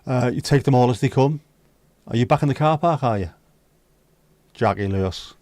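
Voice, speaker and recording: A man's voice: mid-range voice, moderate pace, darkish tone, dry recording. A man hosting a livestream, chatting casually and jokily with his viewers. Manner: chatty, jokey banter. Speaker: livestream host.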